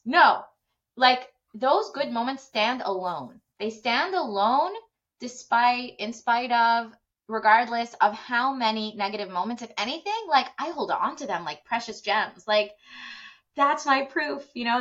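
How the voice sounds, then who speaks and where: A woman hosts a conversational parenting podcast interview, speaking earnestly and effusively with many fillers. Her voice is a little high and a bit bright, and the sound is dull and lo-fi.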